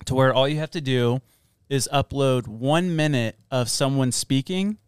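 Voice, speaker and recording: A man's voice: medium pitch, unhurried, clear, resonant tone, no room sound, clean studio sound. A man from Florida hosting a casual podcast, rambling with lots of fillers while telling stories. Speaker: podcast host. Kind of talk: casual chat.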